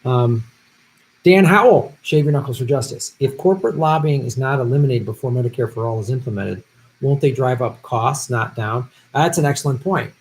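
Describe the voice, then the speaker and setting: A man's voice: mid-range voice, brisk, darkish tone, rough recording. A man hosting a political commentary livestream, chatting casually and profanely while he reads viewer comments from a home setup. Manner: loose, profane, conversational. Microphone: earpiece with improvised audio setup.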